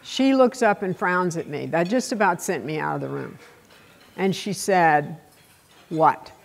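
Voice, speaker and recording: An older woman with a Texas accent delivers a keynote speech. She tells stories bluntly, with salty language and dramatic pauses. Her voice sits fairly low. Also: lively intonation, vocal fry. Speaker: keynote speaker.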